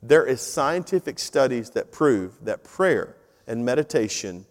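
A middle-aged man, preaching a sermon in a conversational, animated storytelling way. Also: medium pitch, a little slow. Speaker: pastor. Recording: long reverb of a large hall.

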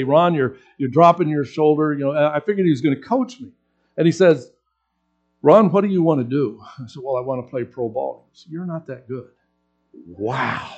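A man preaching a sermon, telling a personal story with acted-out quotes and lively swings in voice. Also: on the high side, dull audio. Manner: animated storyteller acting out quotes. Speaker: pastor.

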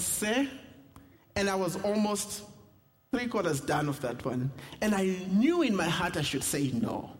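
A young South African man, a pastor, preaching a sermon with humor and personal stories. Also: high voice. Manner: storytelling with humor, animated asides. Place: church sanctuary. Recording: reverberant church hall.

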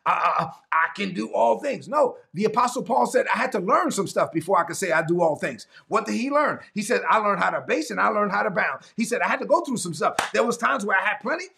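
A man's voice: high voice, lively intonation, fast, vocal fry, few pauses, pushed and bright. A man preaching a sermon to a livestream audience, speaking in repetitive, call-and-response phrases that rise to fervent, emphatic peaks.

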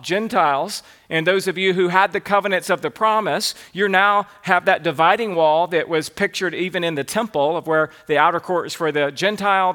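A Southern American pastor delivers an expository sermon in a high, ringing voice. He moves through his outline point by point and reads scripture passages aloud as he teaches. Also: pushed and bright.

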